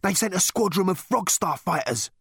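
A man's voice: high voice, expressive, moderate pace, gravelly, a bit bright, slightly rough, no echo, clean studio sound, voice pushed up, heavily acted. A man voicing a short, weather-beaten stranger who speaks in clipped, urgent hisses.

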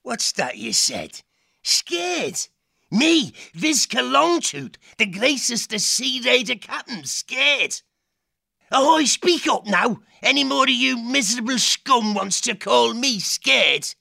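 A man voicing a swaggering, cruel male fox pirate captain in an audiobook, with rough pirate speech and a bullying, boastful manner. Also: on the low side, sing-song, slow, sharp tone, no echo, clean studio sound, exaggerated voice. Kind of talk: audiobook character voice.

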